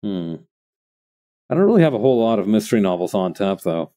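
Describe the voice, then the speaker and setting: A man's voice: fairly low pitch, big pitch swings, a little fast, mellow. A man streaming while he crafts, chatting casually and thinking aloud to his viewers in a rambling way.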